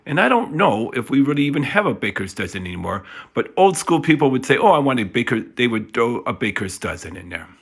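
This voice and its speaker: A man's voice: medium pitch, big pitch swings, brisk, few pauses, breathy edge. A middle-aged man teaching a casual math lesson from home to his class, chatty and rambling with many fillers.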